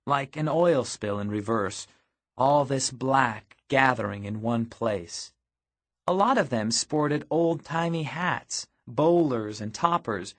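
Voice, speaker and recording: A man narrating a first-person audiobook in a lively reading voice, raising his voice for shouted cries in the story. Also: medium pitch.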